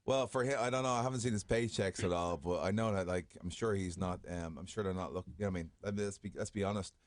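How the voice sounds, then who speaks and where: Fast-talking Irish man, low voice. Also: no room sound, studio quality. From Ireland. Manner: chatty, self-mocking storyteller. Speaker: guest wrestler. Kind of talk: casual interview chat. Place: radio studio.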